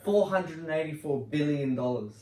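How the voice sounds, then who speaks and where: Higher-voiced man hosting in an echoey room. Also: expressive, dark tone, recorded from a distance. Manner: quick banter, laughs easily. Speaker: podcast host. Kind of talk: casual football chat. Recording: roomy sound from off-mic, faint noise.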